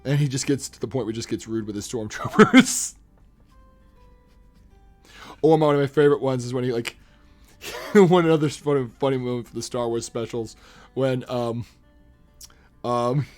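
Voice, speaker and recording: A young man chatting casually on a live stream, animated, laughing often and slipping into quick impressions. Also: fairly high pitch.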